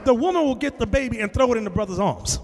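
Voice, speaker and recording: In a classroom within a large, echoing hall, a bishop teaches with a very high, expressive voice at a quick pace. He preaches emphatically and confrontationally, often raising his voice; long reverb and slight background noise come through.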